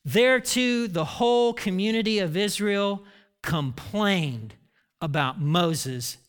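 Brief: pastor in mid-sermon, higher-pitched man, lively storyteller who pokes fun at himself. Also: slow, clean tone. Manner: animated, self-deprecating storytelling.

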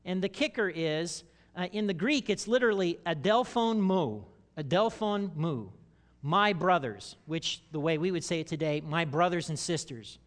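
A male pastor preaching a sermon, expressive, slowing down to stress key words. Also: a little high. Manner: expressive, slows down for emphasis and acts out quoted voices.

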